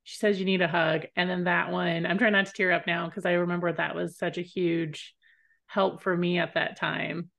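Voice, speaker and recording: A woman's voice: fairly low pitch, flat delivery, normal speed, creaky, a bit bright. A woman hosting a podcast interview, chatting casually with frequent fillers. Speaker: podcast host.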